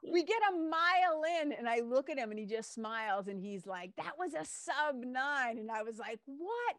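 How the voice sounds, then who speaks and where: A woman hosting a podcast, telling stories in a lively casual way and swearing now and then. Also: a little high, moderate pace, no room sound, studio quality. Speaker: podcast host. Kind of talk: casual interview chat.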